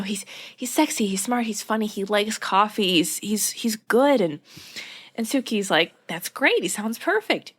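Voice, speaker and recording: At normal speed and in a mid-range voice, this female podcast co-host casually goes over a TV episode. She acts out the characters' lines animatedly, laughing along the way.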